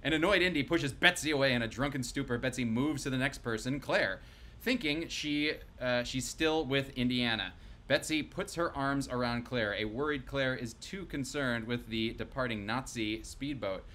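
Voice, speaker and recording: A man's voice: medium pitch, normal speed, bright, forceful tone. A man hosting a comedic table read over a video call, cheering on the cast and handing out voices for them to try. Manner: upbeat, encouraging, hands out voices. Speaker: host and director of a live table read.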